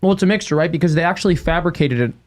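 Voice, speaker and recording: A man's voice: on the high side, rapid-fire. An American man chatting as a podcast guest, musing aloud at length with many restarts. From United States. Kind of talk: casual chat.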